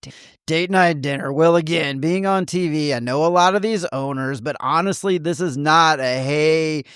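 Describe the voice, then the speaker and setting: A man's voice: fairly high pitch, moderate pace, fairly bright tone, smooth, no echo, studio quality. A middle-aged man from Texas with a Texan accent, chatting enthusiastically as a guest about local spots. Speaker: guest, local TV news host. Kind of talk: casual chat.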